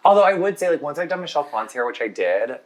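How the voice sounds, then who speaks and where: A man working as a hairdresser, chatting as he styles. He gushes, talking quickly and stuffing his sentences with fillers. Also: a little high, big pitch swings, low-quality recording. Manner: gushing, rapid, full of fillers. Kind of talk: casual chat while styling hair.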